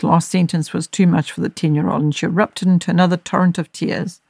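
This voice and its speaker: Woman narrator, measured gentle storybook reading, dry close mic. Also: lowish voice, level tone, gravelly, breathy edge, dry recording. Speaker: audiobook narrator and podcast host.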